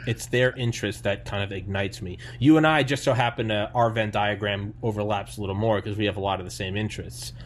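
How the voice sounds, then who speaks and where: A tired man hosting a podcast in casual chat, animated and profane, laughing often. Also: lowish voice, a little fast, hardly any pauses. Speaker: podcast host.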